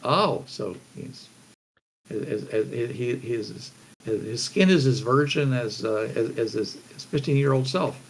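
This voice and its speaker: A male game master narrating a tabletop role-playing session. He rambles through the scene with frequent restarts and fillers, at an ordinary middle pitch. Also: takes it slowly, vocal fry, breathy edge.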